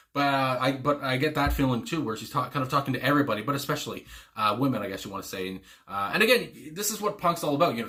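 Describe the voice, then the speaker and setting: A man casually talking through his reaction to a song, rambling and excitable, with plenty of fillers, swearing and chuckles. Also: mid-range voice. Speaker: music reaction channel host.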